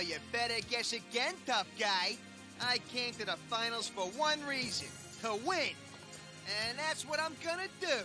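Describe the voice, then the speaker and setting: Scrappy, boastful teen duelist; high, lively delivery over music. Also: male voice. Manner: cocky, boastful shouting. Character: brash, scrappy teenage boy duelist. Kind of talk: cartoon dub acting. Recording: dub audio with music underneath.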